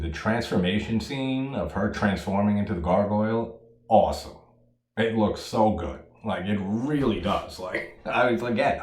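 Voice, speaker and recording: A man giving a casual solo movie review, profane and animated, laughing at his own jokes. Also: low voice, echoey room.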